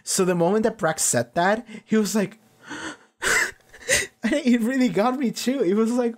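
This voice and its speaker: Excitable man with a high voice. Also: normal speed. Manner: enthusiastic, rambling, laughs often. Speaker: reaction streamer. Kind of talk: casual excited commentary.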